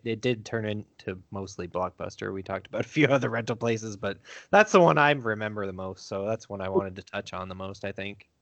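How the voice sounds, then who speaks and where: A man from Michigan co-hosting a podcast, chatting in a relaxed, reflective way. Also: lowish voice, no echo. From United States, Michigan. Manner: laid-back, reflective, wraps up the episode. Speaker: podcast co-host. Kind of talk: casual chat.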